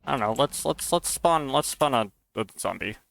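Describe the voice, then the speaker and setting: A man with a bright, forward tone, chatting casually on a live stream while he tests his game mod. He thinks aloud as he goes, musing and sometimes unsure of what he sees. His pitch sits in an ordinary middle range. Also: lively intonation, normal speed, gravelly, slight background noise.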